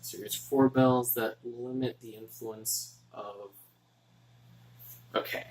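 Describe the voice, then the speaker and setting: A man thinking aloud while doing his homework, halting and muttering to himself. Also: mid-range voice, fairly even intonation, a little mellow, poor audio.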